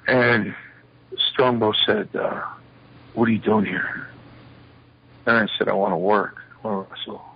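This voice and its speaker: Older male guest telling stories, low husky voice, slightly dull interview audio. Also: unhurried, pauses often. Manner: animated storyteller acting out quoted dialogue. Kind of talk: shoot interview storytelling.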